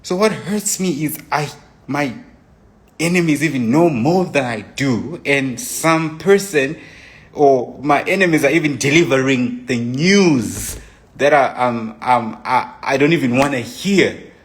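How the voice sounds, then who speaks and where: A man's voice: medium pitch, lively intonation, measured pace. A man recounting a painful personal story in an earnest, agitated way. He often restarts phrases and acts out his own texts and thoughts.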